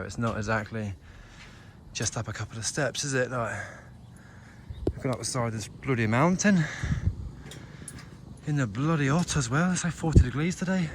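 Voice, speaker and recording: A man's voice: medium pitch, moderate pace. A young man talking casually to the camera while climbing steep stairs outdoors, out of breath, chatty and self-mocking. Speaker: travel vlogger. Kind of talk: casual vlog narration while hiking. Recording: outdoor camera audio with clear background noise.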